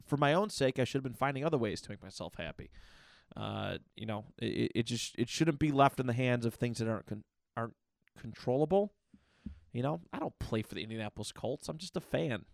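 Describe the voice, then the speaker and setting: A man's voice: medium pitch, gravelly, no echo, clean studio sound. A man hosting a podcast, talking casually and candidly about his own life, rambling with many restarts and fillers. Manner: candid and reflective. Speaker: podcast host. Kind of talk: casual personal monologue.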